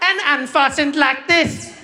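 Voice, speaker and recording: A man voicing a prim female flight attendant reading the safety announcement slowly, in an over-enunciated sing-song. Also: extremely high pitch, voice pushed up. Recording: reverberant hall with faint noise.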